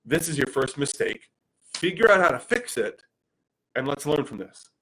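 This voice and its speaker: Animated man telling stories. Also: a little high, normal speed, a little hiss or hum, rough recording. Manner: animated, with frequent restarts and self-quoting. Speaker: speaker and father. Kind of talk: personal storytelling talk.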